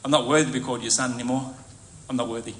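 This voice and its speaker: A man's voice: mid-range voice, fairly even intonation, racing, fairly bright tone, reverberant, a little hiss or hum, voice pushed down, natural voice. A man playing a subdued, ashamed young man.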